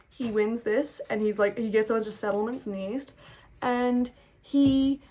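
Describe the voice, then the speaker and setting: A young woman giving a casual, rambling history lesson full of slang, swearing and playful asides. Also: a little high. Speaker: history explainer.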